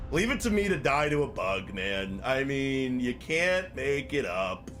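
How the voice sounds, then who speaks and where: Male streamer, mid-pitched, swears freely, reacts to chat in live gameplay commentary. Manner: profane, exasperated, chatting with viewers. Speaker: game streamer.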